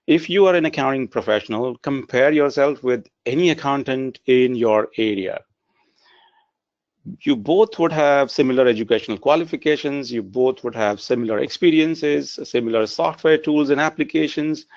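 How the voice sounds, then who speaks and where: A man's voice: medium pitch, moderate pace, a little mellow, no echo. A man giving a webinar presentation in an earnest tone, with frequent filler sounds. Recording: dry, dull lo-fi webinar audio.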